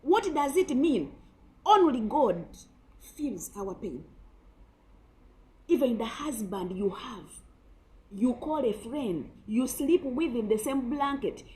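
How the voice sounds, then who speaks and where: A woman's voice: a little high, animated, slow, long pauses, dark tone, rough recording. A woman preacher giving an emphatic sermon full of rhetorical questions.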